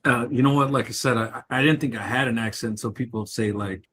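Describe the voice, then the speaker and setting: A man's voice: mid-range voice, fairly quick, fairly bright tone, slightly rough. A man from the United States co-hosting a livestream in casual chat, rambling and hesitant, with many fillers. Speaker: livestream co-host.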